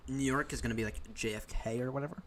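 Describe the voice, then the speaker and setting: A man's voice: medium pitch, fairly even intonation, quick pace, a little hiss or hum. A young American man chatting casually while streaming a flight simulator, rambling and often correcting himself. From United States. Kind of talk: casual live-stream chat.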